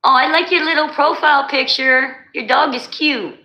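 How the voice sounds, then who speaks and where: A woman's voice: sits high, steady tone, moderate pace, lo-fi sound. A woman hosting a live stream, chatting casually with viewers, teasing them and laughing often. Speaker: livestream host. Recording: echoey room.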